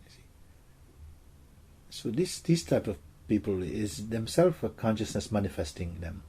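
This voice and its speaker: A man, a spiritual teacher, gently telling stories and answering questions for a gathering in a soft, hushed way. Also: fairly low pitch, sing-song, moderate pace, vocal fry, husky. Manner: soft-spoken, gentle storytelling, often drops to a hush.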